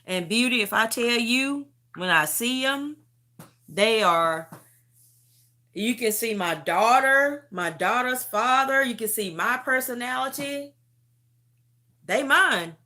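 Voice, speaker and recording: A woman in her fifties giving an emotional religious testimony, earnest and halting, repeating herself, tearful at times. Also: a little high, lively intonation, bright, forceful tone.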